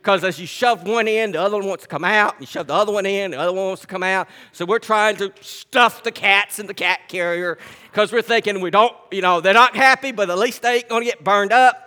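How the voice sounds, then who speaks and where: High-voiced man preaching in an echoing hall. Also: brisk. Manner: swings from loud emphatic preaching to quiet conversational storytelling. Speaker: pastor. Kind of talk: sermon. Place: church sanctuary.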